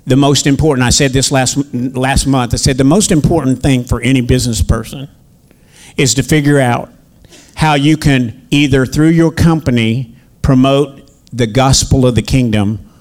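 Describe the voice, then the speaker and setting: A man preaching a sermon, telling folksy stories with asides to the congregation before reading scripture. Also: mid-range voice. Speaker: minister and teacher.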